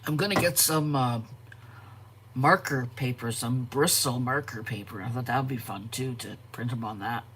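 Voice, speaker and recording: A woman hosting a live art stream, chatting casually, greeting viewers by name and pausing to yawn and correct herself. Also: extremely low pitch, fairly bright tone, a little hiss or hum. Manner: frequent yawns and self-corrections. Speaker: art channel host.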